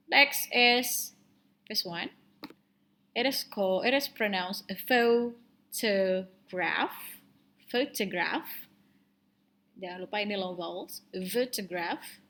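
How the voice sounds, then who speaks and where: A woman's voice: medium pitch, creaky, sharp tone. Indonesian woman teaching English pronunciation. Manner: mixes Indonesian into English, hesitant fillers, drawn-out model words. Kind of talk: online pronunciation lesson.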